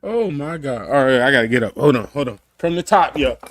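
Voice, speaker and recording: A man's voice: medium pitch, animated, brisk, no echo, studio quality. A man in his thirties hosting a casual watch-along, talking in slang and breaking into helpless laughter. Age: 30s. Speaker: host.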